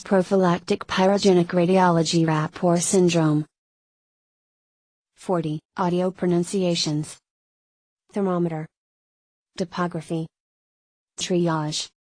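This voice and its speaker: A woman reading medical terminology textbook pages aloud, word by word, in a flat, measured way. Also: lowish voice, no echo, poor audio. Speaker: narrator of a medical terminology lesson.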